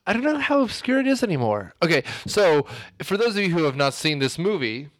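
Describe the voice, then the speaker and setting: Animated rambling man, slightly high voice. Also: brisk. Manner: rambling, animated storytelling with many fillers. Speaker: podcast co-host discussing a film. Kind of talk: casual chat.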